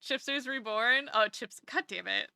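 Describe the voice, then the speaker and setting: A woman's voice: on the high side, moderate pace, vocal fry, bright, forceful tone, smooth, no room sound. A woman streamer in casual live-stream chat, talking to her chat and cooing baby talk at her cat.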